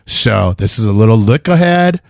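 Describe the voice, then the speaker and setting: A man's voice: fairly low pitch, moderate pace, creaky, no echo, clean studio sound. A middle-aged man co-hosting a sports betting podcast, chatting casually and animatedly, acting out quotes. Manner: animated, jokey, acts out quotes. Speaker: podcast co-host giving betting picks.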